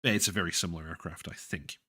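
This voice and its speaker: A man hosting a casual livestream chat, relaxed and self-deprecating, hesitating with fillers. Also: low-pitched, fast talker. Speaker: stream host.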